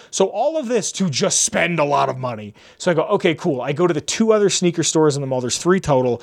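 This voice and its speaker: A young podcast host with a voice on the high side talks fast, barely pausing, as he spins a long, casual story. He rambles in an animated way, saying "like" constantly and acting out the dialogue of the people involved.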